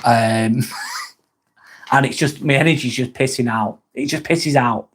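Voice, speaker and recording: A man's voice: medium pitch, a little slow, fairly bright tone. A man with an English accent hosts a motivational livestream, speaking in a casual, reflective way that repeats phrases and swears now and then. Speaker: livestream host.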